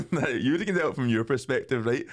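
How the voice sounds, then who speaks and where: A man's voice: mid-range voice, lively intonation, normal speed. A young man with a Scottish accent, telling a story as a podcast host, laughing and swearing as he goes. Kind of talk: casual storytelling chat.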